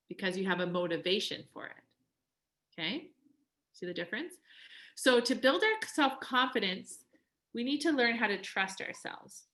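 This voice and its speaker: A woman's voice: medium pitch, normal speed, a bit bright. A woman life coach talking casually to a live coaching group. She is chatty, says "like" often and acts out quoted voices.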